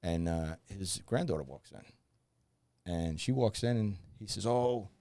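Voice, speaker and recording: Man guest, gravelly low voice, dry close mic, animated storyteller who plays the voices. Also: measured pace, dry recording. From New Jersey. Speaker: podcast guest, former undercover officer. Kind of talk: storytelling in a podcast interview.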